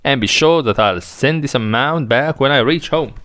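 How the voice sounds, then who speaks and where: A man's voice: mid-range voice, moderate pace, fairly bright tone, natural voice. A man reading the part of a boastful young male impostor official in a dramatic reading of a play, in a smug, offhand way.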